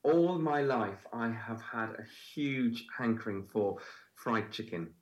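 Brief: male guest, very animated pitch, chatty anecdotes, plenty of ums. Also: slow pace. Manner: chatty storyteller, lively, hesitant fillers. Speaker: guest, food festival presenter. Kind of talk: casual interview chat.

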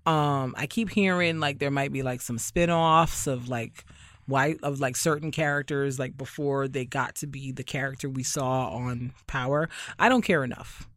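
A man's voice: mid-range voice, steady tone, normal speed, fairly bright tone, no room sound. A young man from Barbados hosting a podcast in casual chat, sardonic and rambling, leaning heavily on fillers. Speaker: podcast host.

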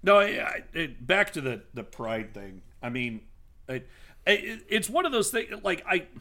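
A man co-hosting a podcast in casual chat, halting and stumbling over his words. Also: a little high, very animated, bright, forceful tone. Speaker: podcast co-host.

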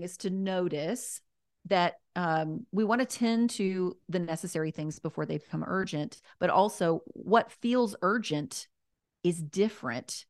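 A woman with a fairly low voice chats casually as a podcast guest, filling her talk with "like" and "you know". She is gentle and encouraging and often restarts her sentences. The sound is close and dry, with no room echo. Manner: chatty and self-correcting, full of "like" and "you know". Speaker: podcast guest giving life advice.

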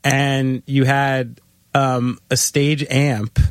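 A man's voice: mid-range voice, flat delivery, extremely slow, no echo. A man hosting a casual interview, chatty and laid-back, swearing freely. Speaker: interviewer host.

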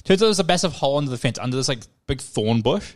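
A man's voice: medium pitch, expressive, racing. A young man hosting a podcast, telling stories in casual chat, swearing freely and acting out the voices of people in them. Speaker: podcast host.

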